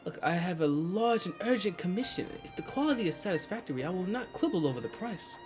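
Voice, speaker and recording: A stiffly formal young scholar in a game. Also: male voice, high-pitched, very animated, quick pace, over music. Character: young male scholar posing as a weaponsmith. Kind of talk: video game cutscene dialogue.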